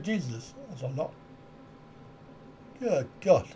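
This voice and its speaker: A man's voice: a little high, takes it slowly, dark tone, a little hiss or hum. A middle-aged man hosting a live stream, chatting casually in reply to viewer comments and often chuckling at his own wry, self-mocking asides. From United Kingdom.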